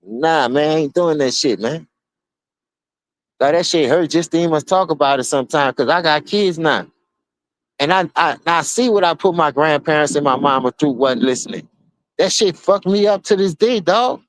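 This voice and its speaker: A man with a New Orleans accent streaming an unscripted, profane rant to his listeners. He keeps calling them dog and bro, and he swings between low mutters and sudden high outbursts. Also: moderate pace, fairly bright tone, no echo. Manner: repeats words, addresses listener as dog and bro. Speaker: streamer giving a spoken open letter.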